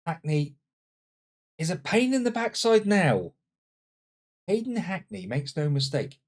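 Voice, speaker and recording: A man commenting on his own football management game, swinging between loud exclamations and muttered asides. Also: high voice, sing-song, measured pace. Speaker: gaming channel host. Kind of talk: let's-play commentary.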